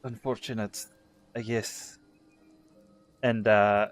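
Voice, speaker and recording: A man's voice: lowish voice, little pitch movement, no echo, faint music behind. A man playing in a tabletop game session, chatting casually and laughing often with his table. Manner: unhurried, laughs often, drops into character asides. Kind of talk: casual actual-play chat.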